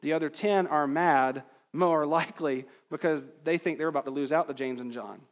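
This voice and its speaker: Earnest preacher in a reverberant hall. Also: male voice, fairly high pitch, normal speed. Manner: earnest, emphatic preaching with rising peaks. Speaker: pastor. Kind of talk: expository sermon.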